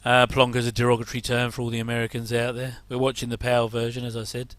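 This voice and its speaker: A man's voice: medium pitch, completely flat delivery, quick pace, a bit bright, no echo. A middle-aged English man rambling casually through a reaction commentary, with chatty, self-deprecating asides. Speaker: host.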